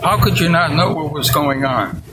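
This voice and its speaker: A man's voice: fairly high pitch, normal speed. Man in his eighties, veteran storyteller, blunt and outspoken, noisy recording with clicks. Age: 80s. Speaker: veteran interview guest. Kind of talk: personal storytelling in an interview.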